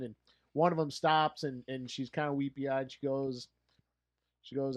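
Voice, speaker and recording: A man co-hosting a casual podcast, retelling a film scene in a rambling, halting way. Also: mid-range voice, steady tone. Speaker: podcast co-host.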